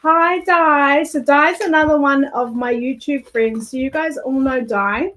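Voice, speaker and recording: A woman with a New Zealand accent hosts a live craft session, talking casually and warmly to her viewers. Her voice sits a little high, and she laughs easily between remarks. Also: a little slow. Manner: chatty, laughs easily, friendly asides to viewers. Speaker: craft livestream host.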